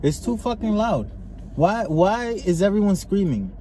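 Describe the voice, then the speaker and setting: A man co-hosting a casual podcast from inside a car, ranting with lots of swearing and animated storytelling. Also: high-pitched, unhurried. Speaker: podcast co-host. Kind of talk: casual chat. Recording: faint car noise behind.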